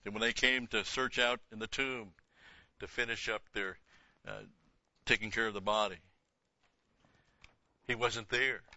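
A lower-pitched man with a strikingly bright, forceful tone teaches through Scripture. He reads the verses with lifted emphasis and explains them in plain, offhand remarks. The sound is dry and close, though slightly dull. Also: fairly even intonation, measured pace, pauses often, dry recording. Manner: reads scripture aloud with rising emphasis, then explains in a casual aside. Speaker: Bible teacher.

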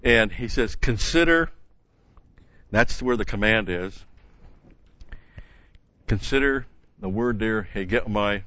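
A man's voice: on the low side, slow pace, pauses often, pushed and bright, lo-fi sound. A man teaching a Bible study in an earnest, emphatic way, stopping often with "uh" and restarting phrases.

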